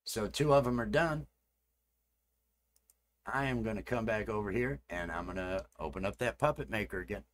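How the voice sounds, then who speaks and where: A man's voice: fairly low pitch, moderate pace, long pauses. A man chatting casually with viewers during a live stream. He rambles and repeats his phrases as he works, and he.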